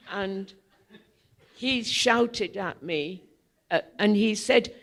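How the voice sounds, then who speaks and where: At a public event in a theatre hall, an older woman with a mid-range voice speaks to the audience as a guest. She tells long anecdotes unhurriedly and digressively, with frequent ums.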